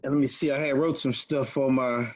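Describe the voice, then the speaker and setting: A man of middle pitch teaches a small group over a video call, speaking in a halting, casual way full of restarts and fillers. The call audio sounds a little muffled and dull. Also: steady tone. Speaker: options trading group leader.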